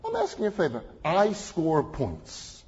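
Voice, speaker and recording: A man's voice: fairly high pitch, wildly swooping pitch, unhurried, a little mellow, slightly rough, full character voice. A man playing an earnest rabbi who keeps coaxing a stranger to do him a simple favor. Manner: coaxing, reasonable, repetitive. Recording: dull recording with long hall reverb.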